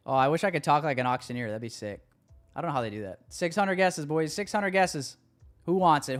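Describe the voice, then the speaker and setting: A man's voice: fairly high pitch, lively intonation, a little fast, soft background music. A man hosting a live trading stream, chatting casually with viewers, loose and hyped, swearing now and then.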